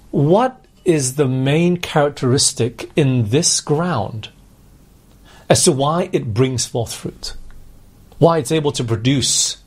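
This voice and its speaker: A man's voice: medium pitch, darkish tone, slightly rough. A man preaching a sermon, earnestly putting questions to his congregation.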